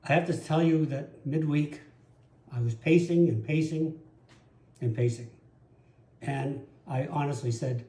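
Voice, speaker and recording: Earnest pastor in an echoey room. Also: male voice, on the high side, measured pace, pauses often, mellow. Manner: earnest, personal storytelling. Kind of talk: sermon. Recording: roomy echo.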